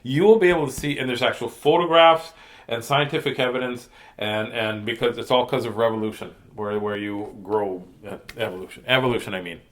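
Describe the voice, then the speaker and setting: This storytime host is a man who reads picture books to children and drifts into playful, joking chatter. His medium-pitched voice is fairly bright and fairly even in intonation, with a slightly fast pace.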